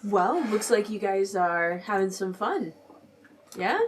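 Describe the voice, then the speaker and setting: A woman's voice: mid-range voice, lively intonation, takes it slowly, a little hiss or hum. A woman playing in a tabletop game, speaking in a friendly, easygoing way. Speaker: player.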